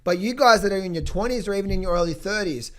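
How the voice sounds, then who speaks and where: A hoarse man in his thirties or forties, a trading coach giving blunt, emphatic motivational talk and market commentary in a vlog. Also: sits high, fast talker. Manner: emphatic, blunt, swears freely.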